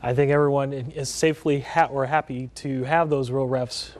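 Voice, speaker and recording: A man's voice: medium pitch, fairly even intonation, moderate pace. A man anchoring a local TV newscast, reading stories and bantering with the weatherman. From Texas. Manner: smooth, conversational anchor delivery with light banter. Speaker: news anchor.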